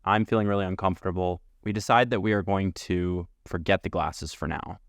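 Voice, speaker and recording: A man narrating a travel story as a vlogger, animated and acting out the dialogue. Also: low-pitched, fairly quick, vocal fry, dry recording, clean studio sound. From Canada. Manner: animated, acts out quoted dialogue.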